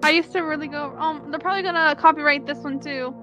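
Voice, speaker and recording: A woman giving casual, excitable commentary as she plays through a game, outspoken and swearing when annoyed. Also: sits high, fast, highs cut off. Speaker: gaming channel host. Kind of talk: live gameplay commentary. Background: loud game music.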